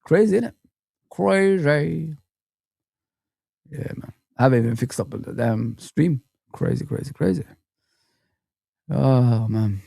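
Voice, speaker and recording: A man's voice: mid-range voice, lively intonation, slow, vocal fry, long pauses, dark tone, dry recording, clean studio sound. A man hosting a live football fan stream, chatting with viewers and ranting animatedly. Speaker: football fan channel host.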